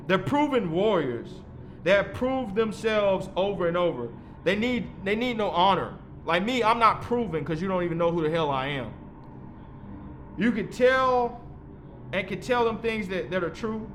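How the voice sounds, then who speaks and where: A man's voice: high voice, fairly bright tone, slight background noise. A man in his thirties delivering a rambling, heated monologue, swearing freely as he lectures. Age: 30s. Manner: heated, profane, preachy. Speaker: vlogger.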